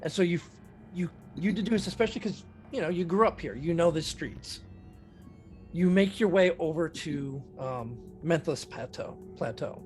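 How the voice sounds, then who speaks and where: A man narrating a tabletop game as dungeon master, describing scenes in a steady, measured way. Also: on the high side, faint music behind.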